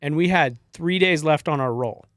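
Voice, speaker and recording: A man's voice: a little high, moderate pace, fairly bright tone, no room sound, clean studio sound. A middle-aged man telling stories as a podcast guest, laid-back and laughing, swearing freely as he talks. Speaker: guest, former wildland firefighter. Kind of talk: casual podcast storytelling.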